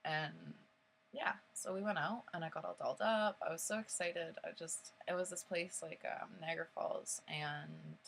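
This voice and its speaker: Young woman vlogger, lowish gravelly voice, casual rambling storytime with lots of swearing. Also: fairly even intonation, normal speed, fairly bright tone, slight background noise, poor audio. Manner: rambling, many fillers, frequent swearing.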